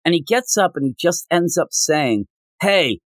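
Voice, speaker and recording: A man co-hosting a casual comics podcast, rambling as he retells scenes with quick paraphrased quotes. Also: on the high side, animated, dry recording. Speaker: podcast co-host reviewing comics. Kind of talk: casual chat.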